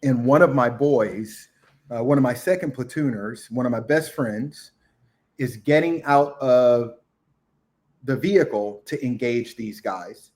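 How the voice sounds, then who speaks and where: Middle-aged guy on a podcast telling war stories, gets loud acting out the yelling, mid pitch. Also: measured pace. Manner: animated war storytelling, acts out shouted quotes. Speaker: podcast guest, retired Navy SEAL chief. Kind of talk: casual storytelling interview.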